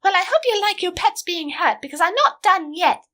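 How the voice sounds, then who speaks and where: A woman's voice: very high voice, animated, normal speed, pushed and bright, voice pushed up, heavily acted. A woman voicing a bold, determined young pony filly who gives urgent commands.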